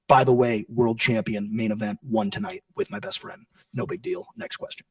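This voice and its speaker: A man's voice: medium pitch, big pitch swings, normal speed, vocal fry, no room sound. A man answering press questions as a wrestling champion, brash and profane, bragging with heavy sarcasm. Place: press conference room. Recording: dry sound from a distant mic.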